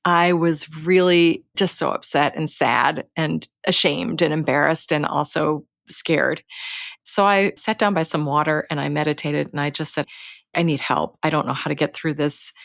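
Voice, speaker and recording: Low-voiced woman telling personal stories. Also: steady tone, creaky, fairly bright tone, no room sound, clean studio sound. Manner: earnest, unhurried storytelling. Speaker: guest author and storyteller. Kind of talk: reflective personal storytelling.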